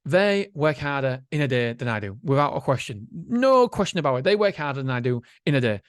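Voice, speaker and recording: A man hosting a solo motivational podcast, chatty and animated, swearing casually. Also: mid-range voice, a little fast, smooth, no room sound, clean studio sound. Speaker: podcast host.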